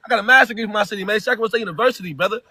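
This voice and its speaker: A man from California ranting loudly over a video call in a rambling, emphatic slang-heavy style. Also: sits high, racing, husky, dry recording. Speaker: caller. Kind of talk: heated rant.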